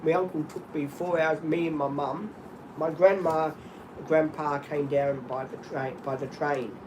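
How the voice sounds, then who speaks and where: A middle-aged Australian man rambling through animated stories in casual chat, often laughing. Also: fairly high pitch, measured pace, noisy background.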